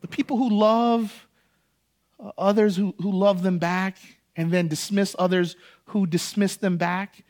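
A man's voice: high-pitched, steady tone, unhurried, darkish tone. A man preaching a sermon as pastor, telling a personal story and building to impassioned emphasis.

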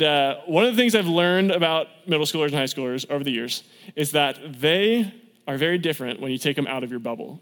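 A man's voice: a little high, fairly bright tone. A young adult man preaching a casual storytelling sermon as a youth pastor, upbeat and conversational, acting out quotes from his stories. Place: church sanctuary. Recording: church hall reverb.

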